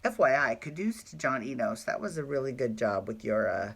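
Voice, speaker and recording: A man hosting a soap opera recap in casual chat, gushing and chatty with quick asides and apologies. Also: medium pitch, big pitch swings, vocal fry, fairly bright tone, husky.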